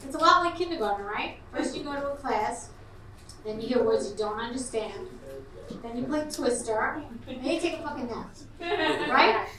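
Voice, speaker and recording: A middle-aged woman hosting and doing brash, conversational stand-up comedy, teasing the crowd, in a comedy club recorded from a distant mic with a loud audience. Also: high voice, lively intonation, normal speed, echoey room, slight background noise.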